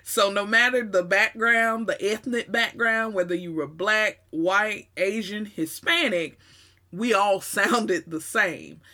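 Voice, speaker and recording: A woman's voice: medium pitch, takes it slowly, pushed and bright. A woman with a Southern US accent telling a personal story in a conversational way, with emphatic asides. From Southern United States.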